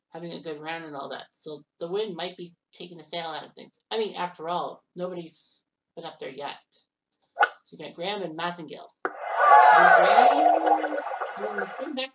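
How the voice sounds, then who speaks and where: Woman, casual golf game play-by-play, low-ish voice, distant mic, loud background noise. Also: lo-fi sound. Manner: chatty, blurts exclamations and mild swearing. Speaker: game commentator.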